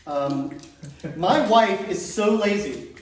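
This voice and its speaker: A man's voice: high voice, animated, slow, a little hiss or hum. Self-mocking male stand-up comedian. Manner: self-mocking, asks for applause for himself. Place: comedy stage before a live audience. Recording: echoey room, far from mic.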